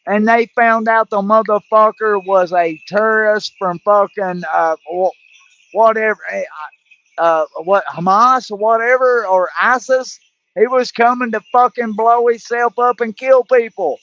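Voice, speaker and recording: High-pitched and steady, with a measured pace and a slightly bright tone, a male livestream host vents furiously about politics. His speech is profane and full of stumbling restarts. There's no room sound, and the stream audio is dull and lo-fi.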